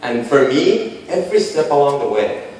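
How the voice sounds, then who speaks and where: A man in his late twenties telling a personal story to a panel, animated and self-deprecating, with punchy repeated phrases. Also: medium pitch, normal speed. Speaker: speaker pitching to a panel. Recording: echoey hall, voice from far off.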